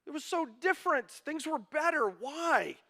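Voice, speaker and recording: A man's voice: very high voice, expressive, normal speed, sharp tone, voice pushed up, full character voice. A man putting on a bewildered whiny guy. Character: bewildered man whining about his lost good life.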